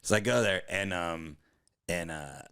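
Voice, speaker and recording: A man's voice: low voice, a bit bright, clean tone. A man co-hosting a comedy podcast, telling long rambling profane stories in casual chat. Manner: rambling, profane, quick storytelling.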